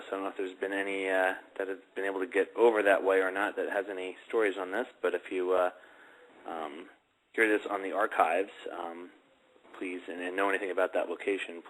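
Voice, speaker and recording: Deep, bright-toned male podcast host. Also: poor audio. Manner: halting, filler-heavy. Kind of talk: casual talk show chat.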